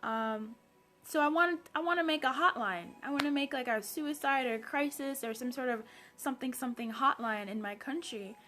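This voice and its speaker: A woman's voice: high voice, moderate pace, pushed and bright. A woman from Zambia, a personal development coach, chatting on a late-night live stream, greeting viewers by name.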